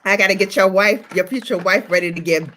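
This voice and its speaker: A woman's voice: mid-range voice, steady tone, quick pace, fairly bright tone, slight background noise. A woman hosting a beauty livestream, chatting playfully and greeting viewers by name. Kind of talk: casual livestream chat.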